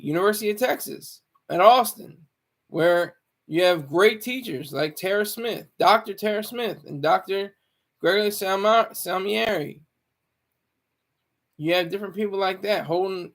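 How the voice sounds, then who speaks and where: Guy streaming, fairly high voice, rambles and restarts a lot. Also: normal speed, gravelly, a bit bright. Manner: rambling, self-interrupting, stammering restarts. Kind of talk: casual live-stream monologue.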